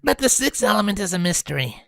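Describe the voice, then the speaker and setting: A woman's voice: mid-range voice, very animated, fast talker, creaky, no room sound, clean studio sound. A woman voicing a blunt, impatient tomboyish female pony. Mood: bored.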